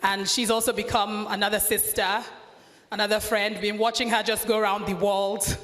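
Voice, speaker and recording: Nigerian woman MC, casual chatty intro, bright tone, hall reverb. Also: mid-range voice, level tone, normal speed, soft background music. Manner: chatty, informal, with warm asides. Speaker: event presenter. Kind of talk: stage introduction. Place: large indoor event hall. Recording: echoey festival hall.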